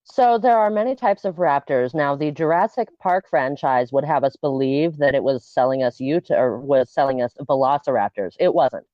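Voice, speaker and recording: A woman's voice: very deep voice, normal speed, hardly any pauses, no room sound, highs cut off. A woman guest talking casually and bluntly, with crude humor and frequent laughs, over a remote call. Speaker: guest, piercer. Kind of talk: casual podcast chat.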